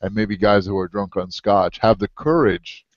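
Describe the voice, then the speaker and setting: Lower-voiced man, eager storyteller. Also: steady tone, normal speed, no room sound. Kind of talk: casual conversation. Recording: dull lo-fi audio, dry.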